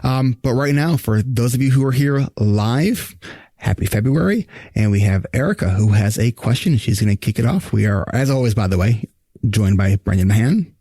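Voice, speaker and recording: A man's voice: medium pitch, lively intonation, moderate pace, mellow, slightly rough, dry recording, clean studio sound. A man hosting a live Q&A podcast as a coach, talking casually with many fillers and restarts. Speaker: podcast host and ADHD coach.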